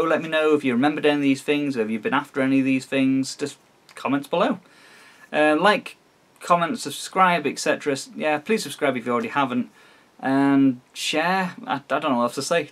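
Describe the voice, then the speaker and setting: A man's voice: medium pitch, slight background noise. A man of thirty, tired after work, chatting casually on a toy vlog with a rambling, chuckling, flustered delivery full of ums. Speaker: toy collecting vlogger.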